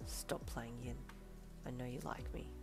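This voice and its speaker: A woman voicing a brash, hot-tempered teenage boy hero in a fan fiction audio reading, talking gruffly and bluntly. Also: deep voice, fast talker, over music.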